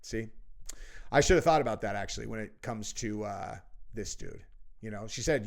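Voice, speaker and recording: A man's voice: lowish voice, normal speed, creaky. A young man hosting a political commentary show, talking in a brash, profane, mocking way and dropping "dude" often. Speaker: show host. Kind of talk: crude comedic political commentary.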